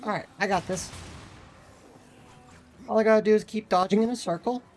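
A woman's voice: mid-range voice, steady tone, normal speed, darkish tone, slight background noise. A woman VTuber streaming a game live, reacting with frustrated swearing and chatting with her viewers. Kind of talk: live gameplay commentary.

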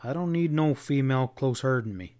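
A gruff, impatient cowboy from a western audiobook, clipped and growling, as read by a male narrator. His voice stays close to the reader's own middle pitch. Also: lively intonation, brisk, a little mellow, lightly acted.

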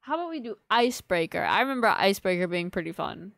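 On a live stream, a woman chats casually with her viewers, teasing them with playful mock offense. Her medium-pitched voice swings widely in pitch, moves at a quick pace, and has vocal fry and a fairly bright tone. There's no room sound.

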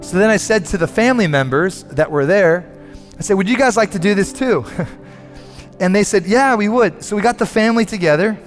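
A pastor with a high voice delivers a sermon at a moderate pace, earnestly telling a story and repeating words as he builds momentum. The recording has a long hall reverb and faint music.

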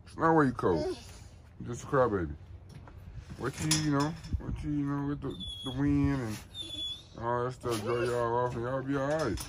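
A man's voice: mid-range voice, moderate pace. A man, casual and profane, chatting with his dogs outdoors in a loose, coaxing way. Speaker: dog kennel owner. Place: outdoors in a yard.

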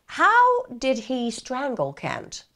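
An impatient, leading police interrogator with an American accent, coaxing and nudging a suspect toward the answer, as a woman puts him on. His pitch swings up and down as he pushes. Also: wildly swooping pitch, drawn-out words, bright, forceful tone, heavily acted. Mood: pushy. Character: pushy male police interrogator.

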